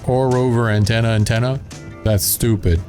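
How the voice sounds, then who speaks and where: A man's voice: mid-range voice, steady tone, normal speed, over music. A man with a Southern drawl chatting casually as he plays and narrates a building game, thinking aloud as he works. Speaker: gaming channel host.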